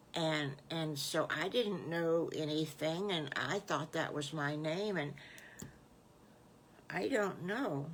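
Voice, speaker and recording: A woman's voice: fairly low pitch, sharp tone, slight background noise, exaggerated voice. An older woman voicing a sweet, timid little boy wolf who stammers and hesitates. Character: young male wolf cub, timid and sweet.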